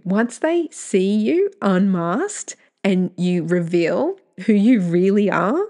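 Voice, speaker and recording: On her podcast, this woman reads out emails in a warm, mid-range voice that is very animated yet slow, with hardly any pauses. Her remarks are candid and blunt, full of free swearing and meandering, self-correcting tangents.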